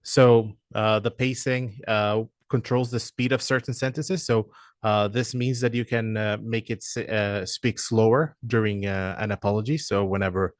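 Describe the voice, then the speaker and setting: Lowish-voiced guy explaining software stuff, says uh constantly, dry close sound. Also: fairly even intonation, normal speed, no room sound. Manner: hesitant, many "uh" fillers. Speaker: product presenter. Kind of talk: software feature walkthrough.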